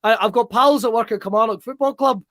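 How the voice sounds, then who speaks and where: Excitable sweary Scottish host, high voice. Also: male voice, fast talker, dry recording, studio quality. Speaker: podcast host. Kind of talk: casual chat.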